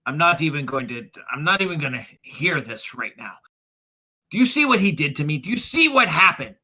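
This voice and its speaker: A man's voice: fairly high pitch, big pitch swings, a little fast, sharp tone, husky, voice pushed up, heavily acted. A man voicing an agitated, insistent man who barges in demanding answers, in a tabletop game. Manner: urgent, insistent.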